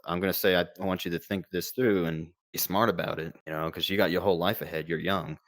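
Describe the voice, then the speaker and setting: A man's voice: sits low, fairly even intonation, fast talker, no room sound. A man in his late twenties from the United States, a former combat medic telling his story in a candid, rambling, self-deprecating way. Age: late 20s. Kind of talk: casual storytelling.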